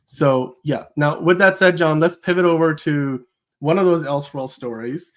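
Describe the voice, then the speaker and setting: A man's voice: fairly high pitch, moderate pace. Chatty man hosting a podcast. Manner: chatty, rambling. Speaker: host. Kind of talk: casual podcast chat.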